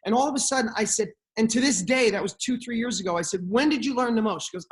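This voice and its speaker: A man's voice: high-pitched, quick pace, few pauses. A middle-aged man talking as a podcast guest, giving blunt motivational advice and swearing freely.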